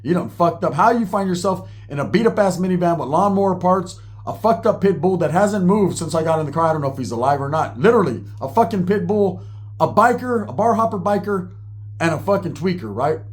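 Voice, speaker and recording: A man's voice: high-pitched, animated, fairly quick. A man telling a wild personal story in casual, profane, slang-filled talk, acting out the people he quotes.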